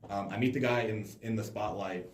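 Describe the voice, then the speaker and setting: A young man hosts a casual podcast chat and rattles off stories quickly, with lots of loose fillers. His voice sits fairly low. The room adds a clear echo around him. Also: steady tone, a little hiss or hum. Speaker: podcast host. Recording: roomy echo.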